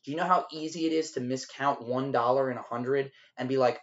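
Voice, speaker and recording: A man on a podcast telling a rowdy restaurant story, animated and profane, acting out the shouting. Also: medium pitch, a little fast, hardly any pauses, dull audio. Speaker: podcast co-host. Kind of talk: casual storytelling over drinks.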